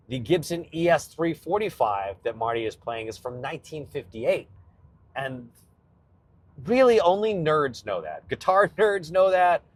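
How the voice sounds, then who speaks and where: Chatty man rambling on a road trip. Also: medium pitch. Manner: rambling, self-interrupting, nerdy enthusiasm. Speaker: comedian podcast host. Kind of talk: casual solo chat.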